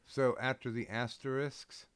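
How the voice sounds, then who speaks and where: A man's voice: medium pitch, little pitch movement, a little slow, smooth. Hesitant, blunt-talking male streamer. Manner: hesitant, lots of ums, blunt swearing. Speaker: streamer host. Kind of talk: casual live-stream chat.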